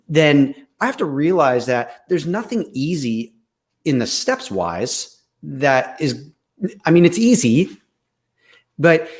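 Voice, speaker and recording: A man co-hosting a candid leadership talk, speaking emphatically and getting fired up, now and then swearing for emphasis. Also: medium pitch. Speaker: leadership coach and co-host. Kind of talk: candid casual conversation.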